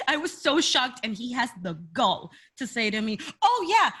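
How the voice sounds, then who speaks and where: A woman's voice: on the high side, lively intonation, slow, a bit bright, slightly rough. A woman co-hosting a podcast, talking casually and gushing emotionally. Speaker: podcast co-host. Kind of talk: casual wrestling chat.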